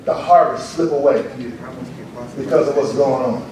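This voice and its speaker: A man's voice: medium pitch, steady tone, normal speed, a crowd in the background. A man preaching a sermon to his church, telling a story and acting out the cheering crowds in it, then putting questions to the congregation. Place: church sanctuary. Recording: echoey church, voice from far off.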